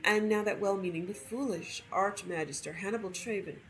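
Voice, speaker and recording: A woman's voice: mid-range voice, fairly quick, faint music behind, natural voice, poor audio. A woman voicing a big, motherly Nord woman who talks in a soothing, gushing way.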